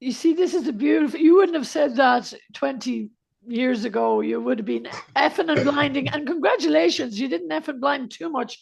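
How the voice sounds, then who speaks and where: Irish woman podcast host, high and very gravelly, teasing and effusive in chat. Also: normal speed. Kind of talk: casual interview chat.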